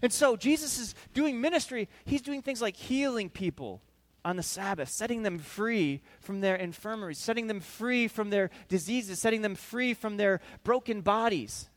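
Male preacher, high voice, animated storyteller in a sermon. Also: normal speed. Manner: animated storytelling, acting out scenes.

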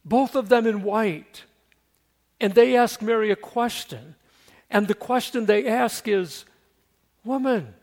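A man preaching with a high voice and a slow, deliberate pace. He tells the story dramatically, acting it out and asking his listeners questions as he goes. His delivery stays conversational. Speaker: pastor. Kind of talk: sermon.

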